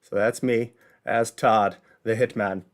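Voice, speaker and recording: A man's voice: lowish voice, steady tone, takes it slowly. A man hosting a casual livestream from home, chatting in a rambling way with plenty of fillers. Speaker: host. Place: home, building bricks.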